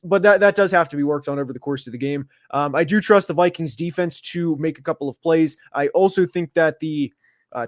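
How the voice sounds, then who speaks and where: Seated close to the mic in a home studio with no echo, a man with a fairly high voice hosts a casual football preview stream. He talks fast, stuffs his speech with fillers, and gets animated and worked up while arguing his points in this relaxed sports chat.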